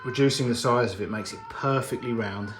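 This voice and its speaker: A man hosts a live stream from his jewellery workshop, talking in a loose, rambling, wry way as he works. The room sounds open and echoey, with music playing clearly in the background. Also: mid-range voice, brisk. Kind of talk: casual chat while working.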